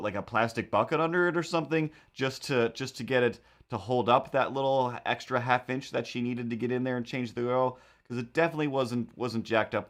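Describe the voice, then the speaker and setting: A man hosting a casual drawing stream, spinning a long story in an easygoing, conversational way. He slips in quick impressions of the people he quotes. His delivery rambles, full of asides and self-corrections. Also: medium pitch. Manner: animated, acts out quoted voices, rambling asides. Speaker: live-stream host and cartoonist.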